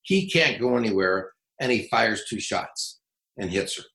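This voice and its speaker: A middle-aged man working as a police trainer, telling stories in an interview in a blunt, profane, animated way. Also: lowish voice, unhurried, roomy sound, poor audio. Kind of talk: casual interview storytelling.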